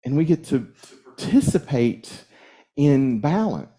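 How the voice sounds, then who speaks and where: A man's voice: mid-range voice, sing-song, slow, mellow. A man preaching a sermon as a minister in a conversational, storytelling way, chuckling as he goes. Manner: conversational, chuckles while telling stories. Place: church sanctuary.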